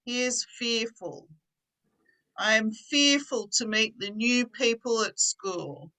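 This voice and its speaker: A woman's voice: a little high, slow, bright, forceful tone, rough recording. A woman teaching an online English class, patiently explaining words with simple examples.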